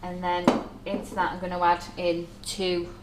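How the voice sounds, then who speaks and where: A woman's voice: lowish voice, monotone, normal speed, slight background noise. A woman giving a live cooking demonstration, chatting step by step as she mixes ingredients in a kitchen. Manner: chatty step-by-step explaining while working. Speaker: baker demonstrating recipes. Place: shop's demo kitchen. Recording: echoey kitchen with clattering dishes.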